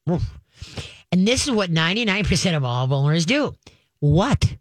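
Chatty animated woman radio host. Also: lowish voice, fast, dry recording. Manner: animated, chatty storytelling with acted-out voices. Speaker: radio pet show host and dog trainer. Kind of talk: call-in radio talk.

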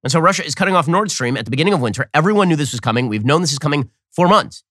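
A man hosting a political commentary show, talking in a fast, mocking, sarcastic way. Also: no echo, clean studio sound. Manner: mocking, rapid-fire, animated pitch swings.

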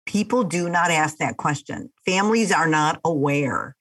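An older woman, a mother co-hosting a casual family chat, telling stories in an animated way and laughing often. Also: deep voice, moderate pace. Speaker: podcast co-host, mother.

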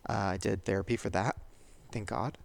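A man's voice: lowish voice, fairly even intonation, normal speed, vocal fry, no room sound. A man in his thirties hosting a podcast, speaking candidly and vulnerably, tearful and laughing through it. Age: 30s. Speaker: podcast host. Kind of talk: confessional podcast monologue.

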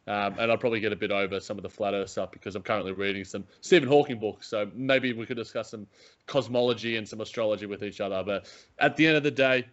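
Male co-host, fast and rambling, jokey, lo-fi remote feed. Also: fairly low pitch. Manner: rambling, repeats words, joking. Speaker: podcast co-host. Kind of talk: casual sports podcast chat.

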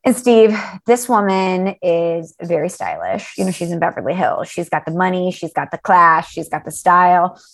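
A woman co-hosting a podcast, telling a story in a chatty, animated way with quoted dialogue. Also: on the low side, moderate pace, few pauses. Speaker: podcast co-host. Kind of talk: casual storytelling chat.

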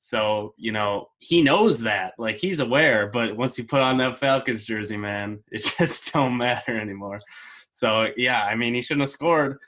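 A man co-hosting a casual sports chat, relaxed and laid-back, who laughs easily. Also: mid-range voice, measured pace. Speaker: sports podcast co-host.

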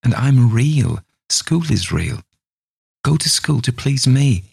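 A man voicing an anxious, loving adoptive mother in a spoken ghost story, pleading in a raised pitch. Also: big pitch swings, slow pace, gravelly, slightly rough, heavily acted.

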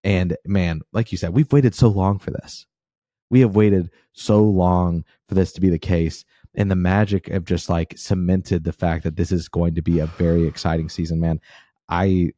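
Brief: male podcast co-host, very low dark voice, hyped and loose, dry close mic. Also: steady tone, moderate pace, no room sound. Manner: fired up, casual slang, many fillers. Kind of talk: animated sports podcast chat.

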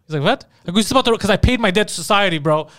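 A man chatting casually on a podcast, telling stories in an animated, profane way and slipping into mocking voices for quotes. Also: high voice, very fast, no room sound, studio quality. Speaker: podcast co-host. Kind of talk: casual chat, storytelling with acted quotes.

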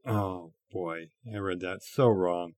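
A man's voice: deep voice, slow, darkish tone. A man hosting a podcast, reading the script in casual chat and laughing at his own slips. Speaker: podcast host.

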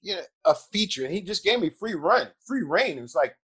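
High-voiced older man telling stories. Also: big pitch swings, a little fast, fairly bright tone, breathy edge. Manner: chuckling, anecdotal, repeats words when moved. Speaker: interview guest. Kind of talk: animated storytelling.

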